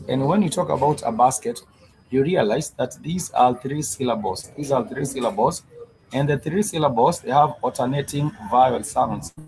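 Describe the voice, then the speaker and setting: A man's voice: medium pitch, gravelly, background noise. A man teaching a live-streamed language lesson, patiently repeating words and breaking them into syllables. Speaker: Swahili teacher.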